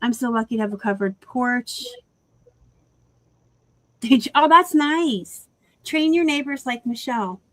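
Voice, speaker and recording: A woman's voice: on the high side, expressive, a little slow, long pauses, fairly bright tone, dry recording, rough recording. A woman hosting a casual live-stream chat about reselling, rambling through asides and laughing often over a video call.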